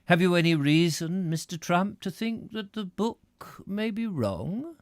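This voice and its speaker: A man voicing a placid, probing official in an audiobook reading, speaking slowly and softly. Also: sits high, lively intonation, no echo, clean studio sound, pitched above the performer's own voice. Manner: slow, soft and unhurried, drawn-out questions. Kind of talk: audiobook character voice.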